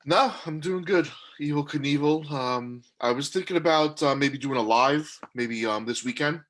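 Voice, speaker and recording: A man's voice: on the high side, normal speed, fairly bright tone. A man co-hosting a casual podcast, giddy and laughing a lot, swearing freely. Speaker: podcast co-host. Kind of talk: casual joking chat.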